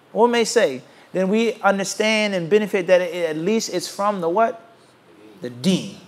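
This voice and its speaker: An Islamic teacher with a fairly high voice lectures a class on religion, often pausing so students can complete his sentences. He grows animated whenever he mocks the views he's arguing against.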